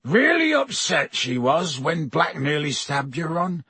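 A male narrator voicing a huge, gruff but kindly gamekeeper who talks in a rough, homely way. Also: on the high side, big pitch swings, a little slow, pushed and bright, no echo, pitched above the performer's own voice, heavily acted. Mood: chiding.

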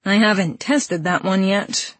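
A woman voicing a smug, scheming male villain alchemist who taunts slowly and slyly. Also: medium pitch, fairly bright tone, no room sound. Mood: smug taunting. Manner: taunting, slow and sly.

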